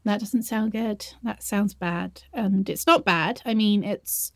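A nervous, shy young woman, played by a woman in an audio role-play, confides in her partner, stammering and repeating herself. She talks slowly with long hesitations. The sound is close and dry. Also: mid-range voice, no room sound.

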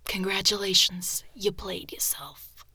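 A woman's voice: medium pitch, unhurried, sharp tone, a little hiss or hum. A young woman performing a girlfriend audio role-play, teasing the listener in a playful, mock-offended way and often dropping into a whisper.

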